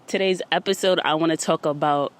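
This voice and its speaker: A woman's voice: low-pitched, steady tone, a little fast. A woman hosting a podcast, talking casually and motivationally outdoors, a little out of breath, often asking "you get me?". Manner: chatty, repeats "you get me?". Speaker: podcast host.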